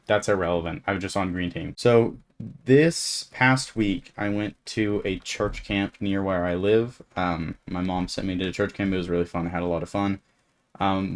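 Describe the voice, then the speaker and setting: A teenage guy telling a camp story as narration over gameplay, rambling with lots of fillers and restarts. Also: lowish voice. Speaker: gaming YouTuber.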